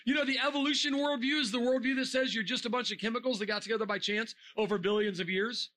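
A man preaching a sermon to a young crowd, animated and joking, firing rhetorical questions and sometimes shouting. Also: very high-pitched, fast talker.

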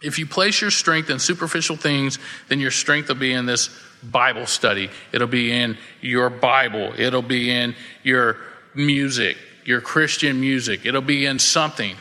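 Folksy pastor in a reverberant hall. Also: male voice, mid-range voice, a little slow, bright, forceful tone. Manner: casual, folksy, acts out quoted voices. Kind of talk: conversational sermon with storytelling.

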